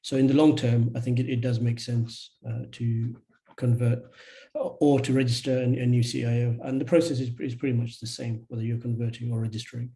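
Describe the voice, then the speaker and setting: Measured man advising on a webinar. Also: medium pitch, little pitch movement, dark tone, poor audio. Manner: measured, hesitant with many fillers. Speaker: charity registration advisor. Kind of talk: webinar Q&A answers. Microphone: video call.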